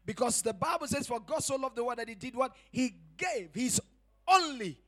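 A man preaches with a high, bright, forceful voice, his words rising into shouts at the peaks of each point. He hammers ideas home through repetition and rhetorical questions. The delivery is that of a pastor in full sermon. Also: expressive, moderate pace. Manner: emphatic preaching, rising to shouts on key phrases.

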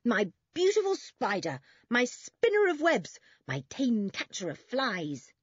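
A cheeky, boastful boy talks in a raised, lively and slightly breathy voice, put on by a woman. The recording is dry and a little dull. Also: fairly high pitch, unhurried, dry recording, voice pushed up, full character voice. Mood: teasing. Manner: lively, bragging.

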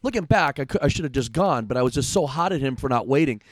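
A man hosting a podcast, telling stories in a casual, profane, animated way and laughing often. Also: mid-range voice, fast, no room sound. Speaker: podcast host. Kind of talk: casual chat, storytelling.

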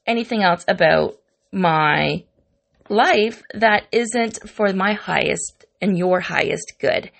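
A middle-aged woman with a creaky, medium-pitched voice hosts a wellness podcast. She speaks to listeners in a warm, candid, confiding way, reflecting casually and repeating herself.

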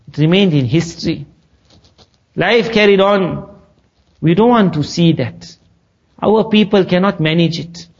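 Male preacher, high voice, earnest storyteller, muffled lo-fi recording. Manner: earnest storytelling preacher who acts out quoted speech. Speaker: Islamic preacher. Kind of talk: sermon.

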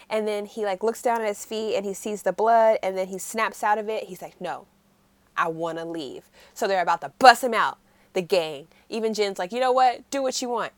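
A woman co-hosting a casual podcast. She recaps a drama in an animated storytelling way and uses "like" constantly. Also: on the high side, dry recording. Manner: animated storyteller, heavy use of 'like'. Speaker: podcast co-host.

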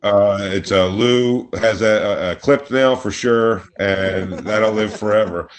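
A man's voice: fairly low pitch, takes it slowly. A man co-hosting a casual podcast chat, teasing his friends and mimicking them. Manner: teasing, mocking impressions of friends. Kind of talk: casual banter.

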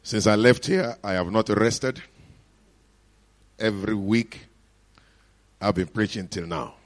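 A middle-aged man with a Nigerian accent, preaching and telling a testimony in an animated, joyful manner. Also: on the low side, takes it slowly. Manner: animated storytelling with frequent laughs and hallelujahs. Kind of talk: sermon testimony.

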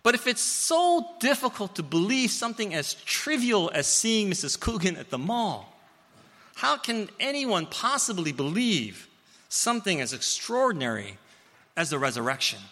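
A man preaching a sermon, telling stories with playful asides and swinging between loud and hushed. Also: high-pitched, moderate pace, big-room sound. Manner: storytelling, animated, with playful asides.

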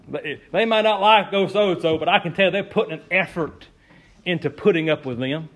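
Folksy man preaching, high voice. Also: normal speed, a bit bright. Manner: folksy, laughing often, repeating key phrases. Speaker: pastor. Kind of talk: sermon.

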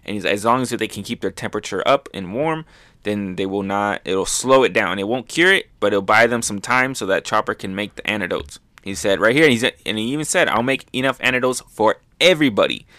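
A man's voice: lowish voice, fairly quick, sharp tone, no echo. A man hosting a manga review, chatting loosely with lots of fillers and swearing as he recaps chapters. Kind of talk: casual recap commentary.

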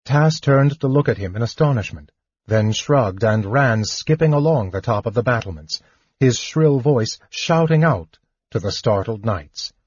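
A man narrating a fantasy audiobook in a measured, even storytelling manner. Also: mid-range voice, husky, no echo, highs cut off.

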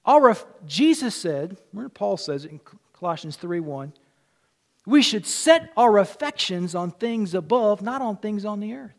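Man, Southern accent, pastor, sermon, high voice, rises loud then drops quiet. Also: expressive, moderate pace, creaky. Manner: preaching with swings from loud to hushed.

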